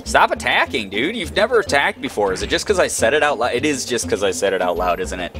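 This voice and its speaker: A man's voice: medium pitch, very animated, quick pace, over music. A man giving casual, goofy commentary while playing a video game, joking with the characters on screen. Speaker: let's play gamer.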